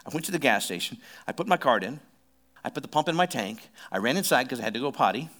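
Bright-voiced middle-aged male pastor. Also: medium pitch, lively intonation, quick pace. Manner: conversational, joking, repeats phrases for emphasis. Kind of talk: sermon.

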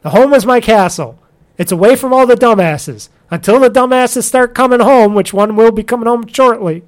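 A speaker rants in casual conversation at an ordinary, middle pitch. They curse freely, laugh often, and slip into quick impressions of what others said. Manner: ranting, profane, quick to laugh, acts out what people said. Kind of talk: casual chat.

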